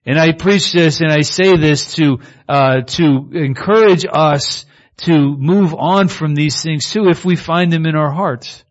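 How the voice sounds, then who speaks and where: A man's voice: on the high side, unhurried, hardly any pauses, highs cut off. Man preaching a conversational sermon. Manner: conversational preaching, frequent "right?" asides.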